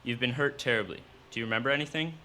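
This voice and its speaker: A man's voice: mid-range voice, racing, bright, forceful tone, slight background noise, voice pushed up, natural voice. A man voicing a young wife, pleading and urgent with her hurt husband.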